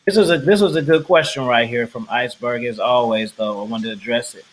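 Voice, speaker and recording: A man's voice: mid-range voice, a little fast, low-quality recording. A man hosting a casual podcast, playful and teasing as he reads a listener question. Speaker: podcast host.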